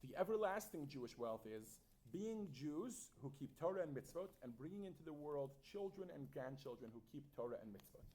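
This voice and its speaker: A man teaching a Yiddish class in a classroom, lively and quizzing his students as he reads and explains phrases. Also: fairly high pitch, fairly quick, few pauses. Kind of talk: classroom lesson.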